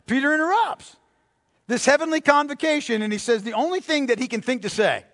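A male preacher giving a sermon, emphatic and repeating key phrases, swinging between loud and hushed delivery. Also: very high voice, animated, fairly quick. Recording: long reverb of a large hall.

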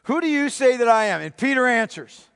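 Emphatic high-voiced male pastor preaching. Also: sing-song, a little fast, clean tone, in a large hall. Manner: emphatic, rhetorical questions to the congregation; dramatic drops to a hushed voice. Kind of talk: sermon.

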